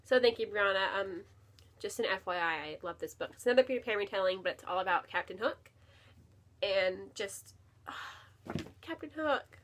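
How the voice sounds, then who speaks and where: Standing near her bookshelf at home, a woman book vlogger chats with lively intonation at a moderate pace in a mid-range, slightly bright voice. She's enthusiastic and casual, full of fillers and repeated words like "really."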